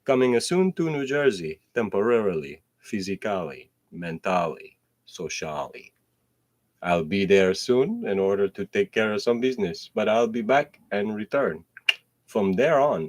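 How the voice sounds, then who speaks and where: A man fronts his solo show with a cursing, meandering monologue that slides into half-rapped bits, jumping between loud eruptions and mumbled asides. His intonation is lively and his pace moderate.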